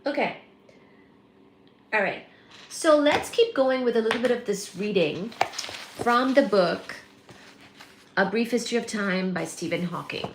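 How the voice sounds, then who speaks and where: A woman hosting a casual live stream, chatting and greeting viewers by name with excited exclamations. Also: fairly high pitch, a little slow, pauses often, echoey room, background noise. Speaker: livestream host.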